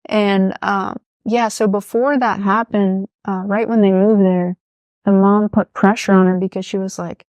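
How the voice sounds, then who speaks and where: A woman's voice: medium pitch, fairly even intonation, measured pace, darkish tone, dry recording, clean studio sound. A young woman co-hosting a casual podcast chat, retelling a story with lots of "like" fillers. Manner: chatty plot retelling, many "like" fillers. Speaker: podcast co-host.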